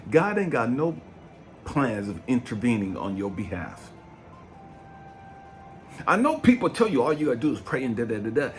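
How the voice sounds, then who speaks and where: A man in his fifties, a life coach giving a blunt, profane motivational talk. He swings from low brooding to loud, fired-up preaching. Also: sing-song, normal speed, pauses often, faint music behind. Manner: blunt and profane, keeps asking "you know what I mean". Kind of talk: impassioned motivational monologue.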